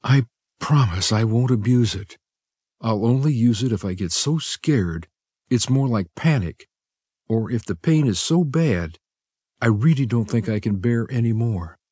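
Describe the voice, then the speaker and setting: A man voicing an anxious young wife, speaking softly and hesitantly with a pleading tone. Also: mid-range voice, lively intonation, unhurried, breathy edge, no echo, studio quality, voice pushed up.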